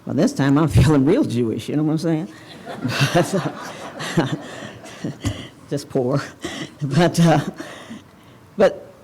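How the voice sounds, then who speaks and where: An older woman from Evanston, Illinois, giving a commencement speech, telling a personal story in a candid, animated way. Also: deep voice, takes it slowly, long pauses, slight background noise. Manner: candid, animated storyteller, talks straight to the audience. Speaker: commencement speaker. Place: banquet hall ceremony.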